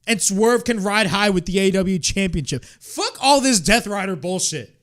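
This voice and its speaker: A man's voice: sits high, lively intonation, normal speed, fairly bright tone. A young man hosting a wrestling watch-along, ranting in exasperation, swearing and repeating himself. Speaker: wrestling reaction host.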